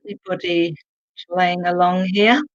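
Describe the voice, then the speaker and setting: The medium-pitched voice barely moves in pitch and takes its time. It belongs to an English teacher in a live online lesson who repeats key words for copying and calls directly on people in the chat, recorded with no room sound and dull audio.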